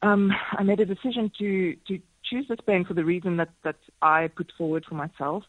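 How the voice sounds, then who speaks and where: A woman in her forties, a radio guest telling stories in a lively, self-deprecating way, laughing often. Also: fairly low pitch, a little fast, no echo, narrow, tinny audio. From South Africa. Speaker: marathon swimmer and speaker, radio guest. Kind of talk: casual radio interview chat. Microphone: phone line into radio studio.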